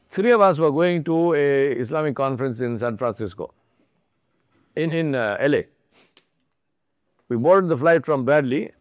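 A man giving a storytelling talk on religious topics, animated, often laughing as he speaks and restarting his sentences. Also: medium pitch, smooth, no echo, studio quality. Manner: animated, laughs often while telling stories; frequent restarts and repeated words.

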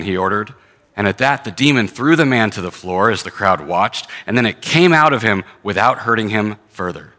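A man preaches a sermon in an earnest, conversational way, slipping between scripture reading and plain talk. His voice sits fairly low but sounds bright and forceful. A long reverb trails after his words, as in a big hall. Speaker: pastor.

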